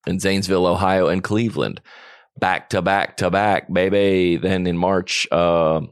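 A man's voice: low voice, fairly even intonation, clean tone, dry recording. A man in his thirties hosting a podcast in a studio, joking and bantering in a loose, playful way. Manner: joking, playful, quick back-and-forth. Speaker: podcast host.

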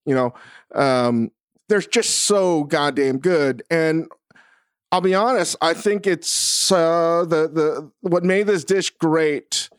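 A man's voice: a little high, takes it slowly, clean tone, no echo, clean studio sound. A young man from Northern Virginia co-hosting a podcast, brash and teasing, cursing freely. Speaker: podcast co-host. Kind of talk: casual chat.

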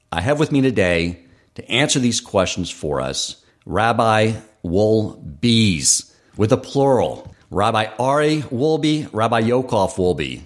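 A man with a somewhat low-pitched voice hosts a podcast alone. He talks in an earnest, reflective way, working through his thoughts out loud and telling personal stories between his points. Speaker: podcast host.

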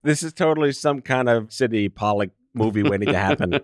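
A man's voice: medium pitch, fairly quick, no echo, studio quality. A man from New York hosting a casual comedic interview, teasing his guest with puns and jokes. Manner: joking, teasing, punning. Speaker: podcast host.

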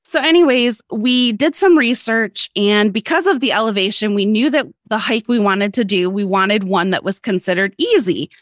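Woman, mid pitch, candid casual storytelling, swears freely, laughs often, dry close sound. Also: moderate pace, few pauses, dry recording. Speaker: podcast guest.

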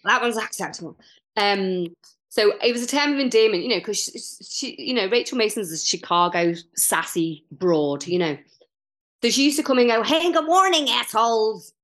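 A woman's voice: medium pitch, lively intonation, moderate pace, fairly bright tone. A middle-aged woman, an improv teacher, talking casually and animatedly as a podcast guest, with many fillers and restarts.

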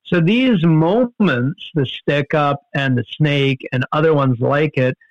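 A man telling a story in casual conversation, animated, with many fillers and restarts. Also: slow pace, no room sound, muffled recording. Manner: animated, jumps in pitch for quoted outbursts, many fillers and restarts. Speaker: guest storyteller.

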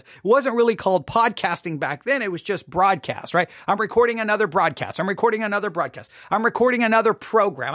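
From his home studio, a podcast host runs a live show and tells a self-deprecating story in a chatty way. His voice is high-pitched and fairly bright with no room sound, and he often asks "right?".

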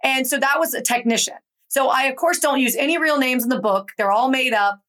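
A young adult woman from Georgia, a guest author telling her story in an animated, conversational interview. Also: sits high, fairly quick. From Atlanta, Georgia. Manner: animated, acts out quoted voices in her stories.

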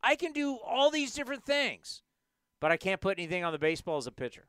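A man's voice: sits high, sing-song, fast talker, bright, forceful tone, clean tone, no echo, clean studio sound. A man hosting a sports podcast, ranting animatedly and hammering points by repeating them. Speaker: podcast host. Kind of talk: casual sports talk.

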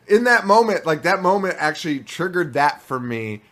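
Young man, podcast host, casual chat, profane, animated storyteller. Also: on the high side, moderate pace, slight background noise.

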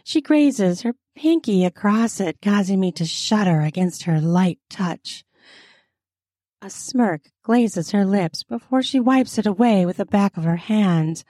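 Woman narrator, erotic story, very slow, mellow dark tone, dry close sound. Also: medium pitch, expressive, no echo. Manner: intimate, unhurried storytelling.

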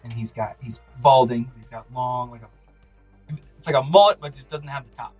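A man narrating a tabletop game as game master, animated and quick to laugh. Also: medium pitch, slightly rough. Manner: animated, laughing, hesitant fillers. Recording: dull, dry, with background music.

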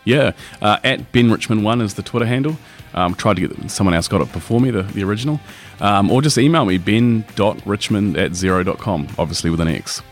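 A middle-aged man with a New Zealand accent, a podcast guest talking quickly and energetically, restarting his sentences often. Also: on the low side, faint music behind. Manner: rapid, energetic, lots of restarts. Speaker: podcast guest, software executive. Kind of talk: conversational interview.

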